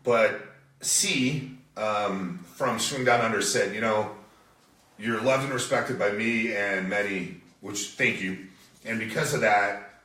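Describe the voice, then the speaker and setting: A man co-hosting a radio show from a home studio, chatting casually in a subdued, somewhat monotone way. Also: on the low side, slow pace, echoey room, recorded from a distance.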